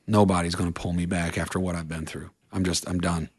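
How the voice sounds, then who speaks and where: Deep-voiced man telling his story earnestly. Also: little pitch movement, a little fast, darkish tone, breathy edge. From Vermont, USA. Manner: earnest, tumbling run-on storytelling. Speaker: guest, country singer. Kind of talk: casual interview storytelling.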